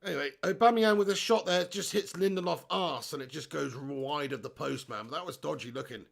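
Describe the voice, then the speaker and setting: Hosting a casual football watch-along live, this man talks a little fast in a creaky voice on the high side. He jokes, swears, laughs a lot, and reads viewers' chat out loud alongside his match commentary.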